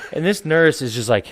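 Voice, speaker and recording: A man in his thirties telling war stories in casual podcast chat, rambling, laughing and swearing freely. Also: fairly high pitch. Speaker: podcast guest, military veteran. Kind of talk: casual storytelling.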